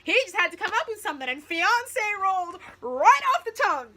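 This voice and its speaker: A woman's voice: very high-pitched, sing-song, a little fast, pushed and bright. A woman reviewing a TV episode in a fan vlog, gushing with giggly, breathless enthusiasm.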